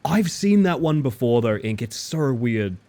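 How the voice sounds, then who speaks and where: A young man live-streams his gameplay, bantering playfully with viewers and talking right to chat. His mid-range voice is very animated yet unhurried, with a slightly mellow quality.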